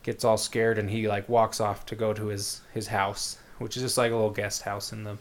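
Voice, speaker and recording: A man's voice: on the low side, little pitch movement, moderate pace. A man casually retelling a story in a rambling way, with many fillers and quoted lines. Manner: rambling, laid-back, lots of fillers and quoted voices. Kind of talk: casual chat, retelling a book plot.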